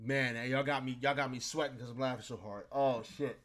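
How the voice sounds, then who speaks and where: A man's voice: mid-range voice, fairly even intonation, fairly quick, a bit bright. A man hosting a live sports talk stream, playful and laughing a lot as he trash-talks. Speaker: host.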